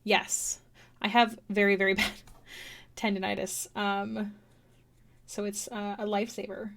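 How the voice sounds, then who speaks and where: A woman's voice: mid-range voice, level tone, a little slow, gravelly, fairly bright tone. A woman artist chatting casually with her viewers while drawing on a livestream, encouraging, laughing easily and swearing now and then. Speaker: artist streamer.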